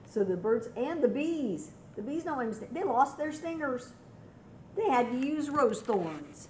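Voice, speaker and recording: An older woman reading a picture book aloud to children, pausing to ask them gentle questions. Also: high-pitched, sing-song, a little hiss or hum, poor audio. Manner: gentle, asks young listeners questions.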